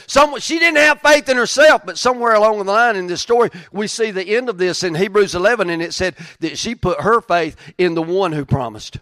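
Guy preaching a sermon, kinda high voice, dry close sound, goes quiet then gets loud n emphatic. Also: fairly quick, few pauses, no room sound. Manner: swings from quiet reflection to raised, emphatic preaching. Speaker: pastor.

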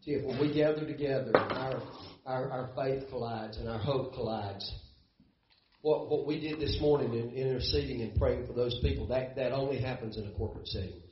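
A middle-aged pastor preaches a sermon in a medium-pitched, steady voice at normal speed, sounding folksy, emotional, and tearful, close to crying as he often repeats words. He is in a church sanctuary, and the recording has the roomy, dull sound of a church with a little hiss or hum.

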